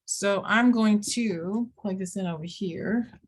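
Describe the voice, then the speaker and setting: Middle-aged lady teacher, chatty, explaining math step by step, normal pitch. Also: takes it slowly. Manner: chatty, talks students through steps, playful asides. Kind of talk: recorded math lesson walkthrough.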